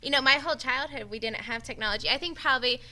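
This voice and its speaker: Bright-voiced young woman, reflective. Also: high voice, fast talker, poor audio. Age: 20s. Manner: reflective and hedging. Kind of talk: casual chat.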